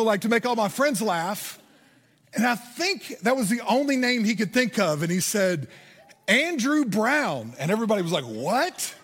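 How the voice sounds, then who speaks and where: High-voiced male pastor in a reverberant hall. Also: a bit bright, breathy edge. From Indiana, USA. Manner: storytelling, builds to earnest emphasis. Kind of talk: sermon with personal story.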